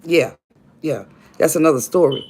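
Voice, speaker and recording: A woman's voice: low voice, normal speed, a little mellow, slight background noise. An older woman hosting a livestream, telling a personal story bluntly and with heavy profanity while speaking straight to her viewers. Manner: blunt, profane, addresses viewers directly as y'all. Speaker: livestream host. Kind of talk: confessional storytelling to a live audience.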